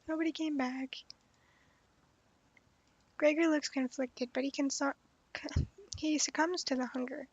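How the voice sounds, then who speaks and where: A young woman giving casual livestream commentary on a story game, animated and blunt, swearing and laughing often. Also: high-pitched, moderate pace, dry recording. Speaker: streamer playing a story game. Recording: dull, dry lo-fi sound.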